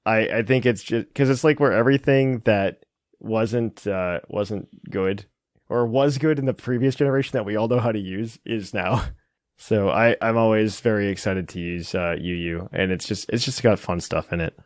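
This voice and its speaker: A man's voice: fairly low pitch, normal speed, dry recording. Dry-sounding man hosting a podcast. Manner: relaxed, chatty, frequent fillers and laughs. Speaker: podcast host.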